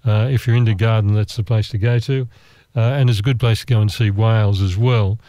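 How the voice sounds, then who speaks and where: An Australian man telling a travel story in a relaxed, meandering, chatty way, with asides and restarts. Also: fairly low pitch, a little fast, dry recording. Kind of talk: relaxed travel anecdote monologue.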